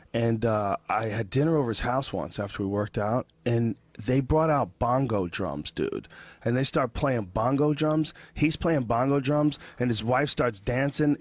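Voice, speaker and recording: A man hosting a podcast, telling a story in relaxed, chatty conversation. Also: medium pitch, moderate pace, dry recording. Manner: relaxed, chatty, puts on mock accents when quoting. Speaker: podcast host. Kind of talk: casual storytelling chat.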